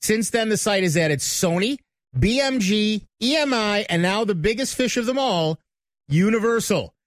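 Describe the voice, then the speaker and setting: A man's voice: sits high, expressive, normal speed, dry recording. A man hosting a call-in tech radio show, reading news items and bantering with co-hosts. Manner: chatty, reads news items then banters. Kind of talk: casual tech talk radio. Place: radio studio.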